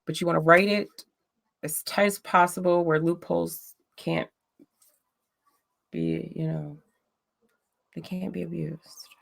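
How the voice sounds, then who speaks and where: Blunt gravelly woman chatting. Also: fairly low pitch, level tone, measured pace, pauses often, a bit bright. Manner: blunt, profane, roasting a chat troll. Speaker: livestream host. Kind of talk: casual livestream chat.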